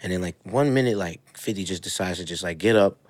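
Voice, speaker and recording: A man's voice: sits low, fast, no echo. A young man co-hosting a podcast in a studio, telling laid-back, slangy stories with lots of swearing. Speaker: podcast co-host. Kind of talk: casual chat.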